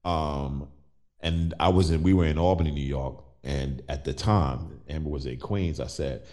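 Deep-voiced middle-aged man telling stories. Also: moderate pace. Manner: animated, acts out quoted voices. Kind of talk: personal storytelling in conversation.

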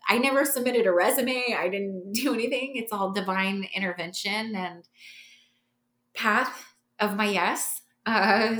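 A woman guest on a podcast, telling her story in an animated way, laughing and acting out the voices of the people in it. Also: mid-range voice. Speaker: podcast guest, massage therapist. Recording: roomy echo.

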